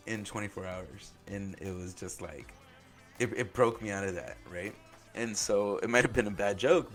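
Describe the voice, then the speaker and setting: A man's voice: on the low side, a bit bright. A man hosting a podcast, telling a personal story in a loose conversational way, filling his speech with "like". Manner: loose conversational, heavy use of "like". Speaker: podcast host.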